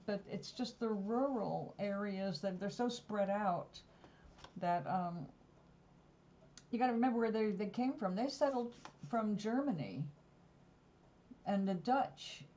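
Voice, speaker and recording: A woman talks in a loose, wandering way, drifting from one story to the next. Her voice is mellow and soft-edged. The recording sounds a little dull and lo-fi. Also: mid-range voice, measured pace, long pauses, a little hiss or hum. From New York. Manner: rambling, digressive storytelling. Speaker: vlogger. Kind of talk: casual chat.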